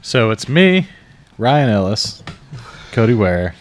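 A man's voice: lowish voice, big pitch swings, takes it slowly. A man co-hosting a racing podcast, laid-back as he tells a road story. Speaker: podcast co-host. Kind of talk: casual storytelling. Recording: faint background noise.

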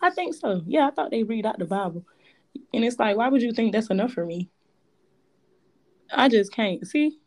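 A woman with co-hosting a casual chat, animated and slangy, laughing often. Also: on the high side, moderate pace, long pauses.

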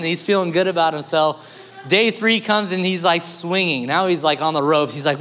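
A man preaching a sermon with an animated storyteller's delivery. His voice sits a little high and he moves between playful jokes and earnest, coaxing questions to his listeners. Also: normal speed. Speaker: pastor.

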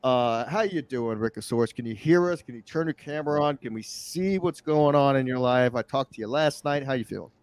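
A man's voice: mid-range voice, brisk, hardly any pauses, smooth, dry recording. A man co-hosting a podcast, rambling with restarts and swearing casually. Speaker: podcast host.

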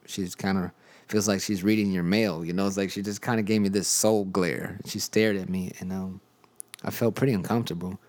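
A man's voice: low-pitched, steady tone, brisk, a little mellow. A young man hosting a podcast, telling his personal testimony in a loose, conversational way with lots of fillers. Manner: conversational storytelling with many fillers. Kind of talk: casual spoken testimony.

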